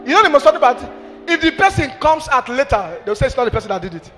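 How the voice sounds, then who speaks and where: A pastor preaches in a very high voice that rings through a big church hall. He is animated, slipping into pidgin, shouting and half-singing his lines. Clear music plays behind him. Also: fast. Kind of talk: sermon.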